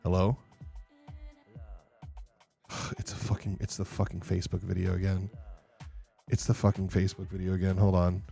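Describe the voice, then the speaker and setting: A man's voice: low voice, completely flat delivery, normal speed, gravelly, pauses often, warm tone, faint music behind. A young man livestreaming, chatting casually with viewers, laughing often, rambling and swearing freely. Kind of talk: casual stream chat.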